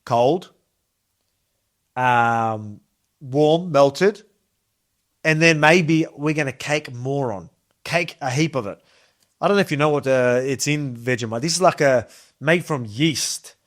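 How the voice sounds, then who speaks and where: A man's voice: mid-range voice, slow, long pauses. A man in his thirties with an Australian accent, chatting casually through a kitchen cooking demo in a rambling, enthusiastic way. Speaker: cooking video host.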